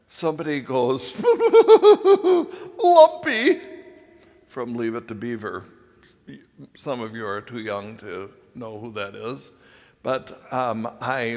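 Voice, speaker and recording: An older priest tells a long personal story from the pulpit, folksy and unhurried. He talks slowly at a middle pitch, with plenty of pauses. His voice rings through a large church with a long trailing echo. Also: a bit bright. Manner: folksy, rambling anecdotes with frequent pauses.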